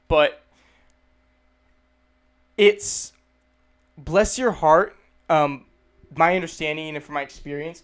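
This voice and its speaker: A young American man in his twenties explaining phrases in a casual, rambling way, often repeating himself and acting out example lines in mock voices. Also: a little high. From United States. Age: 20s. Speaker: English teacher. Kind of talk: casual explanatory video lesson.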